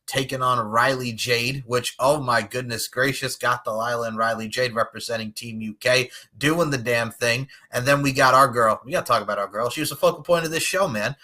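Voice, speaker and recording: Male podcast host, bright tense tone, loud joking hype man. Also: medium pitch, fairly quick, few pauses. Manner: hyped, jokey, bursts of shouting. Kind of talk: excited podcast chat.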